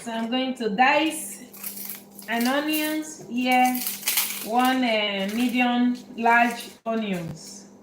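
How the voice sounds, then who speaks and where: A woman's voice: a little high, steady tone, drawn-out words, reverberant, background noise. A woman hosting a live cooking demonstration in a kitchen, chatting to viewers as she explains each step. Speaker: cooking show host.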